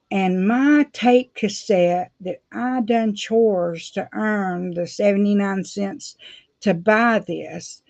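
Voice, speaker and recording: A woman's voice: mid-range voice, darkish tone, no echo. Woman playing a whispering kid sister, defiant, muffled lo-fi take. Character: young girl whispering back at her brother. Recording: dull dry lo-fi sound.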